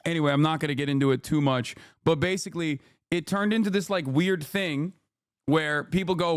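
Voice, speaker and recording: A man streaming a heated, profane reaction rant, shouting and mocking as he goes. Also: a little high, a little fast, no room sound, studio quality.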